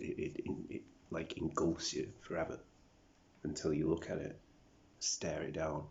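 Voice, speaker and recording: A vlogger with an extremely low, gravelly, darkish voice rambles and mumbles through a confessional video diary, often dropping into whispers and swearing. Raised in South Africa, he has picked up a British accent. The dull lo-fi recording carries a little hiss or hum.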